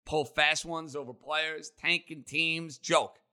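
A man hosting a sports talk show, holding forth on the week's games. His voice is very bright and a touch high for a man. He fires off emphatic, punchy opinions. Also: fairly even intonation. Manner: emphatic, rapid-fire opinions. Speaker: sports radio host.

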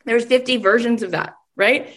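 A woman hosting a podcast, giving energetic coaching talk and acting out voices of the people in her stories. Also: fairly high pitch, moderate pace. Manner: enthusiastic, acts out quoted voices. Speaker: podcast host and business coach.

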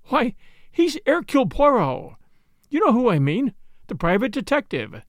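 A man's voice: extremely high pitch, very animated, normal speed, no room sound, studio quality, voice pushed up. A man voicing an earnest, defiant young woman who pleads insistently in an audiobook reading.

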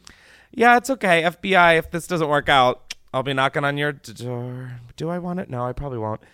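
Guy hosting a podcast, chatty and jokey, loud squeals then low mumbles, dry close sound. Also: brisk, clear, resonant tone, no echo. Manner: animated, jokey, swings between loud squeals and low mutters. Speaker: podcast host. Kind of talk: casual chat.

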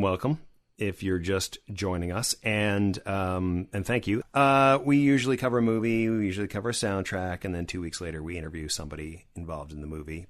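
Rambling, lower-voiced male podcast host. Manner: enthusiastic, rambling, with restarts. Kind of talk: casual podcast chat.

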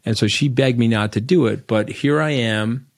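A middle-aged man with a Long Island, New York accent appears as a podcast guest in a casual storytelling interview. He tells stories bluntly and ramblingly, tagging lines with "okay?", in a medium-pitched voice at normal speed with no echo.

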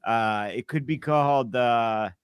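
A man co-hosting a comedy podcast, telling stories with plenty of uhs and sometimes trailing off quietly. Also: medium pitch, takes it slowly, clear, resonant tone, dry recording, clean studio sound. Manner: storytelling, many ums and uhs, drops to near-mutter. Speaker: podcast co-host. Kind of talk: casual comedic chat.

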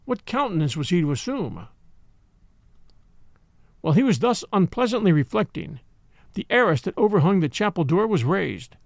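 A man narrating a classic story in an expressive reading, voicing the characters. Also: high voice, vocal fry, no room sound, studio quality. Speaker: audiobook narrator.

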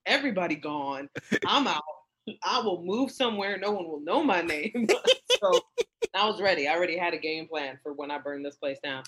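Animated woman telling a wild story. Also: on the low side, normal speed, slight background noise, rough recording. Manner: animated, acts out quotes in raised voice. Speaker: comedian guest. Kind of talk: casual storytelling.

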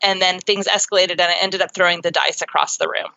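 Bright, forceful woman explaining earnestly. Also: on the low side, quick pace, creaky, dry recording. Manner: earnest, teaching tone with lively examples. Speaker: guest, psychotherapist and author. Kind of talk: explanatory interview talk. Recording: dull lo-fi sound.

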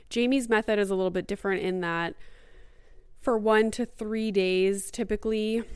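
A woman's voice: medium pitch, clear, resonant tone, dry recording, clean studio sound. A woman in her thirties hosting a podcast, talking casually and chattily, full of "like" and "um", a little out of breath. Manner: chatty, heavy use of "like" and "um". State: mildly out of breath. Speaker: podcast host. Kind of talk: casual solo podcast talk.

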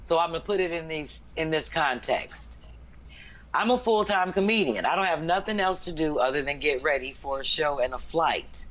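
A woman's voice: deep voice, animated, moderate pace, a bit bright. A woman who is a full-time comedian, talking bluntly and emphatically in a casual chat. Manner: blunt, emphatic, talks with conviction.

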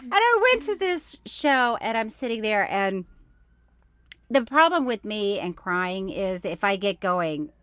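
A middle-aged woman co-hosting a casual chat, animated and self-deprecating as she tells stories and laughs at herself. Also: mid-range voice, a little slow, no echo. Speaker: podcast co-host.

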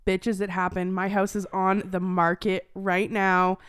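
A woman's voice: medium pitch, level tone, unhurried, a bit bright, clean tone. A woman hosting a casual podcast, chatty and swearing freely, now and then dropping to a whisper for a joke. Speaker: podcast host. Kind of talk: casual chat.

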